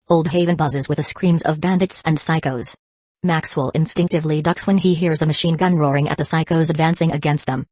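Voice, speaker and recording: A woman narrating an audiobook in a steady, even reading voice. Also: deep voice, no echo. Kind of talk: scripted narration.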